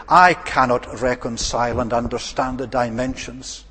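A man preaching a sermon with earnest emphasis, slowing down when he pleads. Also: mid-range voice, steady tone, fairly bright tone. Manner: earnest, rising and falling emphasis, slows to plead. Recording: long reverb of a large hall.

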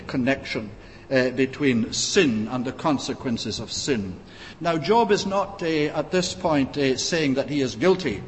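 A man preaching an expository sermon, measured and pausing often with "uh", reading scripture in old-fashioned wording. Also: mid-range voice. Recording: long reverb, faint background noise.

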